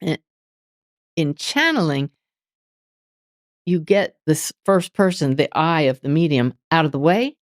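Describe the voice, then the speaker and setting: A woman being interviewed as a medium, telling lively stories and acting out inner dialogue. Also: sits low, unhurried, pauses often, no room sound, studio quality. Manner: animated storytelling, voices inner dialogue. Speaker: guest medium. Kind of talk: interview conversation.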